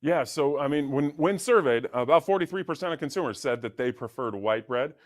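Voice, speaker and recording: Easygoing chef on a dry mic. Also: male voice, mid-range voice, expressive, fairly quick, no room sound. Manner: easygoing, hesitant with fillers. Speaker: guest chef. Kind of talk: TV cooking segment.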